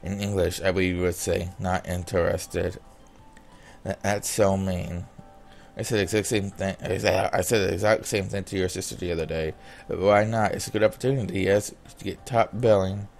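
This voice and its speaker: A man's voice: deep voice, fairly even intonation, quick pace, gravelly, a little mellow, faint music behind. A man reading a visual novel's dialogue aloud in his own plain voice, breaking off now and then for casual comments. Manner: reads all the character lines in a plain voice, breaking off for casual comments.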